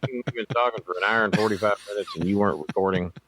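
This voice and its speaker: A man's voice: lowish voice, fairly even intonation, rapid-fire, a bit bright, slight background noise. A man who was once a wrestling manager, chatting bluntly and sarcastically with plenty of swearing. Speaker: podcast guest, former wrestling manager. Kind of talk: profane casual chat.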